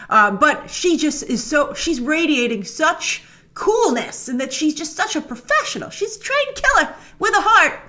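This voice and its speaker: Bright animated woman reviewing a trailer. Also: mid-range voice. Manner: enthusiastic, chatty, gushing with frequent fillers. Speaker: film review host. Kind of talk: casual trailer breakdown commentary.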